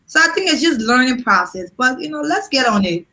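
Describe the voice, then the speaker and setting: A woman's voice: high voice, sing-song, fairly quick, sharp tone, low-quality recording. A woman from Liberia co-hosting a casual panel chat, speaking passionately and emphatically, repeating her phrases. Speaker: co-host.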